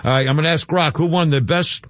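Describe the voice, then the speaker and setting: A man's voice: fairly high pitch, quick pace, fairly bright tone, dry recording, dull audio. A male radio show host chatting casually, laughing often and tossing in chatty asides.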